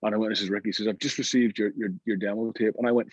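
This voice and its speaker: A middle-aged Scottish man telling anecdotes in an interview, lively and full of restarts. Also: lowish voice, quick pace, breathy edge, dry recording, lo-fi sound. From Scotland. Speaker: guest musician. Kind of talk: storytelling interview.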